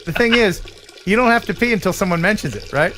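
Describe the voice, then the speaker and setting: An older man hosting a live stream, joking and rambling with many halting restarts. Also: high-pitched, animated, background noise. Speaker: host. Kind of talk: casual live-stream chat.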